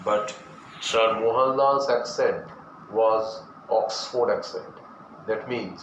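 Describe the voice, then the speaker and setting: A man's voice: medium pitch, lo-fi sound. A man with an Indian English accent teaching a class, explaining a story line by line and glossing words in Bengali. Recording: echoey room with background noise.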